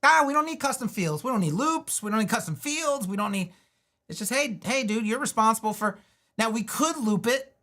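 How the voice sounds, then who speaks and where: Guy building a site live on stream, rambling and restarting, pitch bouncing all over. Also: expressive, a little fast, bright, forceful tone. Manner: loose and talkative, self-interrupting, jokes to himself. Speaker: web designer hosting a live build stream. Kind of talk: thinking aloud while building a website live.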